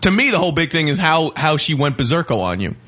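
A man's voice: fairly high pitch, very animated, fast talker, sharp tone. A man hosting a casual radio talk show, blunt and profane, who acts out little scenes as he talks.

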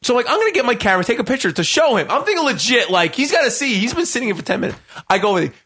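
A man's voice: very high-pitched, big pitch swings, rapid-fire, sharp tone, husky. A man hosting a radio talk show, telling a profane story in casual chat and acting out the quotes with laughs. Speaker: host.

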